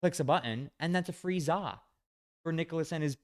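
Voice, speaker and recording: A man's voice: a little high, normal speed, darkish tone, dry recording. Guy podcast cohost with a jokey, emphatic way of talking, dry mic. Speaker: podcast co-host. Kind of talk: casual chat.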